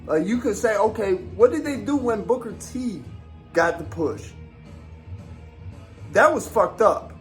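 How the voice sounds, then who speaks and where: A man's voice: high voice, expressive, measured pace, long pauses, faint music behind. A man, a former wrestler ranting casually on a podcast, profane and rambling with lots of fillers.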